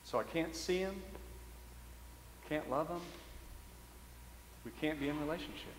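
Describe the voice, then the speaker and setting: A male priest preaches with a light, self-mocking humor and frequent chuckles. His voice sits a bit high for a man. It rings through a roomy church with a long, echoing tail. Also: measured pace, slight background noise. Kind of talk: sermon. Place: church sanctuary. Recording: roomy echoey church hall.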